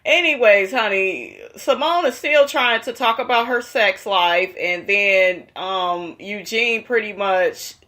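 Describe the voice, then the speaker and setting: A woman's voice: mid-range voice, slow pace, hardly any pauses, pushed and bright. A woman giving a sassy, profane gossip recap of a reality show in a casual, slangy way.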